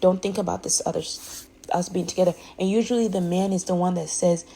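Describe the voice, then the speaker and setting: A woman's voice: fairly low pitch, fairly even intonation, brisk, vocal fry, dark tone, husky, rough recording. A woman speaking candidly in a rambling, emphatic way, often restarting her sentences. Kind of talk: candid personal monologue.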